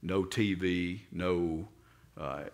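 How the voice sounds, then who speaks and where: An older man with a Southern US accent, a pastor preaching a sermon and telling stories, sometimes acting out voices with sudden loud outbursts. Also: low voice, very slow.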